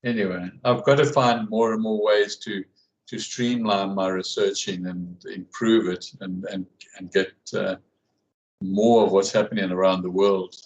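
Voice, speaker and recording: A man with a fairly low voice talks casually over a video call. He speaks haltingly, stacking fillers and restarting his sentences as he thinks aloud. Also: fairly even intonation, a little mellow, lo-fi sound. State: hiccuping. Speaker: class guide and researcher. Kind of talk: casual conversation.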